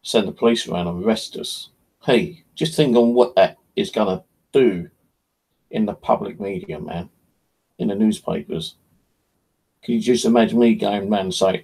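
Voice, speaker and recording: A channel host rambles in casual, blunt talk and swears freely. His voice sits low with a gravelly crackle and a husky edge. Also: moderate pace, pauses often, darkish tone.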